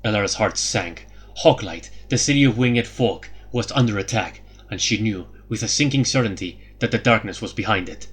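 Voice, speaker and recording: A man narrating a fantasy audiobook in a steady, even reading. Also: fairly low pitch, normal speed, husky.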